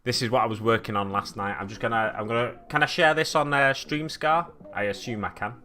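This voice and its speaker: With a medium-pitched, slightly fast, sharp voice, a man from the Manchester area of England, with a Stockport accent, paints at home during a live stream. He reads chat aloud and responds in a relaxed way.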